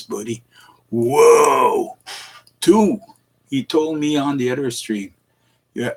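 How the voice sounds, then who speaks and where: A middle-aged man hosting a casual livestream, rambling and chuckling between halting restarts as he greets his viewers. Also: mid-range voice. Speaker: live streamer.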